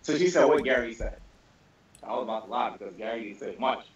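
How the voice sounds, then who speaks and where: A man recounts a story during a casual group podcast, animated and quick to swear, stumbling over and repeating his words as he builds the tale. His voice sits at an ordinary middle pitch. It comes through a roomy, far-off call line with dull, muffled sound. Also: slight background noise. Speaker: podcast panelist.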